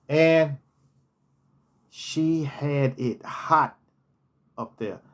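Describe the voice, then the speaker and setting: A man recalls old workplace stories in a relaxed, conversational way. His voice sits a little high and he talks slowly, circling back to repeat phrases for emphasis. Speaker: storyteller, former hotel manager. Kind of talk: casual personal anecdotes.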